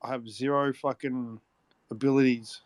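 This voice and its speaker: A man's voice: medium pitch, fairly even intonation, moderate pace, no echo. Ranting, foul-mouthed Australian man. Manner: swears constantly, ranting. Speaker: co-host. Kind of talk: casual podcast banter.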